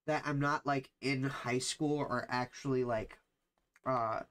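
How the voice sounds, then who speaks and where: A man's voice: mid-range voice, fairly even intonation, a little slow, fairly bright tone, clean tone. A young adult man chatting casually to his livestream viewers, rambling and slangy, with frequent swearing and fillers.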